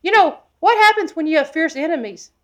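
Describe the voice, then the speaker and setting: A woman preacher delivers an expository sermon from the Bible, speaking emphatically and fairly quickly in a very high, expressive voice over lo-fi sound. She often asks her listeners questions and shifts between loud and hushed delivery.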